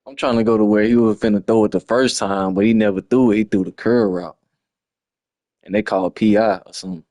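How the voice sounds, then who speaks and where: A man's voice: fairly low pitch, fairly even intonation, a little fast, a little mellow, dry recording. A man, breaking down a lost football video game in a frustrated, slangy ramble on a livestream. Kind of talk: casual game replay breakdown.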